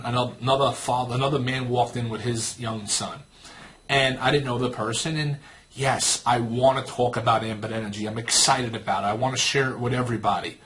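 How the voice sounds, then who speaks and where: A man in his thirties teaches a sales training session with plenty of energy. He tells a story and acts out both sides of the conversation. His voice sits at an ordinary pitch for a man. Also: fairly bright tone, slight background noise. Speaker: network marketing trainer.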